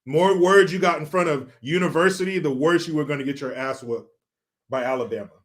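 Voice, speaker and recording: A man's voice: a little high, a bit bright. Man, livestream host, from California, casual chat, joking, swears a lot, reads comments. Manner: profane, joking, chatty, pauses to laugh.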